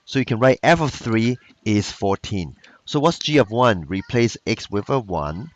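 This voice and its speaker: A man gives a recorded math lesson and repeats each key point with patience. His voice sits fairly low. The sound is dry and close, with no room echo. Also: lively intonation, a little slow. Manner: plain non-native phrasing, loose grammar. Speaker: math teacher.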